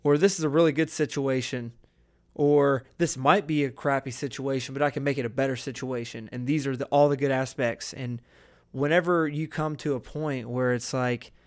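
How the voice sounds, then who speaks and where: A young man talks casually on a podcast, his voice sitting at an ordinary middle pitch. He rambles earnestly, circling back and restarting his sentences as he thinks aloud. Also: fairly even intonation, normal speed. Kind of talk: casual chat.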